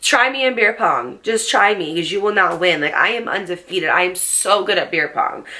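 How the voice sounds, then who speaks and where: A woman in her late twenties telling a storytime vlog to camera, animated and sassy, swearing freely. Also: on the low side, normal speed. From New Jersey. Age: late 20s. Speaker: storytime vlogger.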